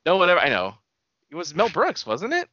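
A male podcast co-host with a high-sitting voice talks a little fast in a casual chat about movies. He's animated and rambling and laughs often. The sound is dry and close with no room sound, and the audio is slightly dull.

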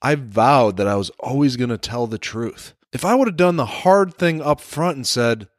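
A man delivering a motivational leadership talk at a middle pitch, telling a personal story earnestly and openly. The recording sounds dry and close, with no room echo. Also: lively intonation, moderate pace, few pauses. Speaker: leadership speaker.

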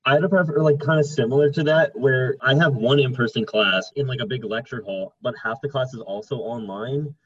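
A young man on a casual podcast, excitedly telling a classroom story. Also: medium pitch, brisk, few pauses, lo-fi sound. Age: young adult. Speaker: podcast co-host. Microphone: video call.

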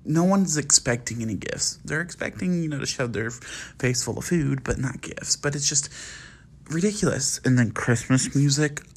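Recorded at home at night, this casual solo podcast features a young man from the United States who is sassy, chatty and full of fillers. He speaks in a mid-range voice at a moderate pace, with slight background noise.

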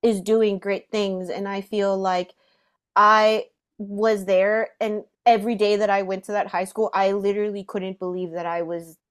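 A woman's voice: medium pitch, little pitch movement, measured pace, clear, resonant tone. A young woman hosting a podcast, telling a personal story animatedly with frequent laughter. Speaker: podcast host. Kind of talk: casual storytelling.

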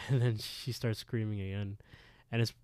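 A man's voice: fairly low pitch, steady tone, moderate pace, darkish tone, no echo. A man co-hosting a podcast, animatedly retelling a story in casual chat and laughing often. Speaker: podcast co-host.

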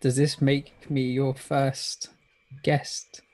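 A man's voice: mid-range voice, little pitch movement, very slow, darkish tone. A man appearing as a polite, modest guest on a casual podcast over a video call. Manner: polite, modest, good-humoured.

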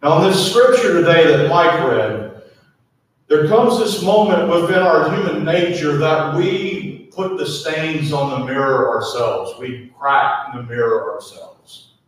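A man preaching a sermon as pastor, slow and emphatic, repeatedly asking the congregation to speak to their neighbors. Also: fairly high pitch. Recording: echoey hall, mic at a distance.

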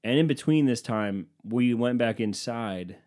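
A man's voice: medium pitch, a little slow, darkish tone. A man telling a comedic story in a casual, rambling way, sarcastic and full of swearing.

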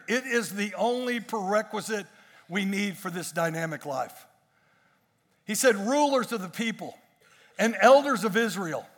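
A man's voice: very high voice, vocal fry, fairly bright tone. A male pastor preaching a sermon with emphatic, repeated phrases.

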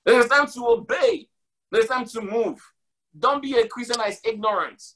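A man with a high, bright-sounding voice preaches a sermon. He drives his points home by repeating them, and he slips casual slang in between scripture quotes. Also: normal speed, background noise. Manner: emphatic, repeats lines for stress.

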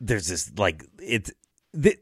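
A man's voice: on the low side, big pitch swings, takes it slowly, slightly rough, no room sound, studio quality. A man chatting as a guest on a casual podcast, rambling, laughing often and swearing freely.

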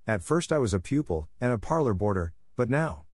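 A man doing a quiet young orphan girl. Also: medium pitch, sing-song, fairly quick, no echo, studio quality. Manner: quiet, soft-spoken.

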